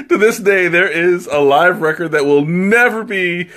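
This man's voice is high and fairly bright. During a live stream, he samples tea and drifts through loose, easygoing chatter, giggling a lot and mocking himself while his nose runs from the spicy brew.

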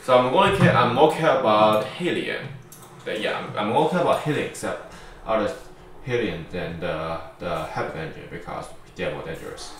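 This gaming YouTuber has a lowish voice with lively intonation and a moderate pace. His let's-play commentary is casual and rambling, full of jokes and self-corrections. The mic sits far from him, so the recording is very echoey with faint noise.

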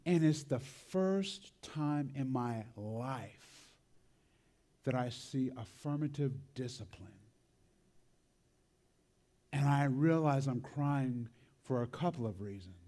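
Lively slow-talking preacher man. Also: medium pitch. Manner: animated, conversational, tags lines with "right?" and "man". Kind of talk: sermon storytelling.

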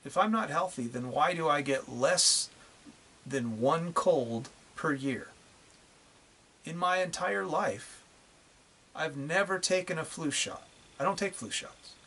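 A man's voice: fairly high pitch, expressive, takes it slowly, pauses often, bright, forceful tone, breathy edge. A man ranting bluntly to the camera in a profane, repetitive video monologue. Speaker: vlogger.

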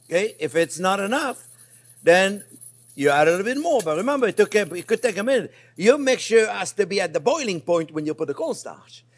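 An older man with a French accent, a chef chatting warmly through a cooking demonstration and calling viewers his friends. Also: high-pitched, very animated, fairly quick. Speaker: chef host.

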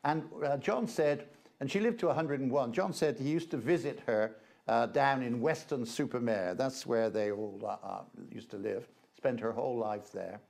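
A man of middle pitch talks through a slide-show lecture in a loose, conversational way. He pauses often on fillers as he goes from slide to slide, like a guest presenter at a talk. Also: creaky, darkish tone. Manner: chatty, hesitant, with frequent 'uh' fillers.

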